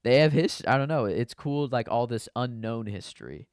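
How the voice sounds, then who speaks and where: A podcast co-host discusses movies in a relaxed, rambling chat, often circling back with "you know." His smooth, clear, mid-range voice moves at normal speed, and the recording is dry and close with no room sound or echo.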